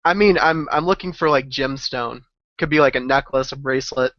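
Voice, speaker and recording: A man's voice: medium pitch, fairly quick, a bit bright, no room sound, dull audio. Easygoing male tabletop player. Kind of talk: tabletop game play.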